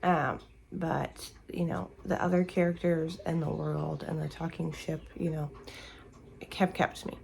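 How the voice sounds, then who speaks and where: Female book vlogger, sleepy morning chat, low-ish, heavy vocal fry, meandering delivery with lots of fillers. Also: flat delivery, a little slow, a little mellow, slight background noise, low-quality recording. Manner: rambling, searching for words with many fillers. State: sleepy and tired, yawning. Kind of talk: casual morning chat to camera. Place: at home in the morning.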